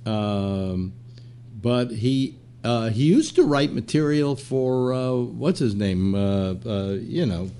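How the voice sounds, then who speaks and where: Older man, talk show host, rambling storyteller, fillers, mid pitch, casual chat. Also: takes it slowly, dark tone, a little hiss or hum. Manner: storytelling, many fillers, mimics quotes. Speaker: podcast host.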